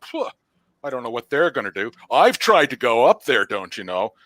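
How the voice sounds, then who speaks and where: A man voicing a frightened, superstitious villager who talks in a rushed, fretful way. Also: medium pitch, sing-song, fairly bright tone, dry recording.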